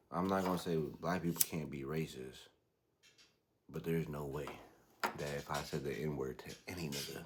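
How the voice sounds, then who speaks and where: A young man hosting a podcast, telling a story casually in slangy, animated talk and imitating the people he quotes. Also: extremely low pitch, slight background noise. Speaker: podcast host.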